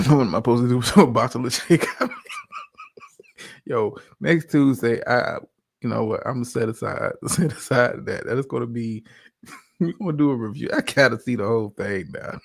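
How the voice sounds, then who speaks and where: A man's voice: mid-range voice, expressive, normal speed, vocal fry, husky. A man hosting a casual reaction video, playful and laughing often as he talks back to the clip. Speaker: reaction channel host.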